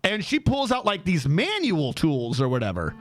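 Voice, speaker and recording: High-voiced streamer guy, super animated, laughing thru his story, bit of music under it. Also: moderate pace. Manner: animated, laughs often, jumps up high in pitch. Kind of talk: casual storytelling on a live stream.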